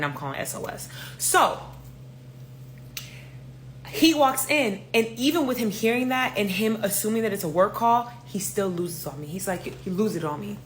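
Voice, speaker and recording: A young woman from New York with a New York accent, telling a story in a casual, animated way, swearing freely and acting out the other voices. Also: medium pitch, slight background noise.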